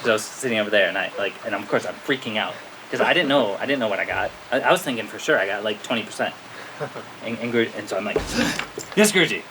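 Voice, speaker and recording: An American man, a spiritual teacher, telling a story to his listeners in a lively way, often checking in with "okay?" and laughing at himself. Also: fairly low pitch, quick pace. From United States. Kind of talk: storytelling talk to a spiritual audience. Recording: steady rain-like background noise.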